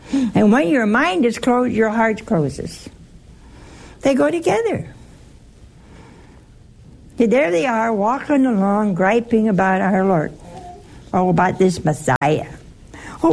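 Slow, gravelly woman teaching scripture. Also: on the high side, darkish tone. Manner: chatty, asks the audience questions, teasing humor. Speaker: Bible study teacher. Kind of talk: informal scripture talk to a group.

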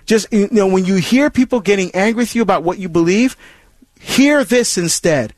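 Brisk and high-voiced, this Catholic call-in radio host speaks on a dry recording. His earnest talk about faith and scripture is full of restarts and repetitions.

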